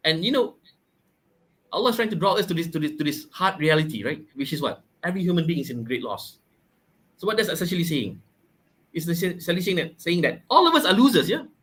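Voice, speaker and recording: A man explains scripture in a relaxed podcast chat. His voice is fairly high and bright. He stops often, repeats himself, and reaches for homely examples. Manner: halting, repeats words, explains with everyday examples. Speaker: podcast co-host explaining a Quran chapter. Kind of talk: casual religious discussion.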